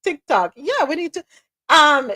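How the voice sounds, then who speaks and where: Woman, live-stream host, high-pitched, teasing, dry close mic. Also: unhurried, no echo. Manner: lively, teasing, talks to listeners by name. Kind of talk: live-stream news chat.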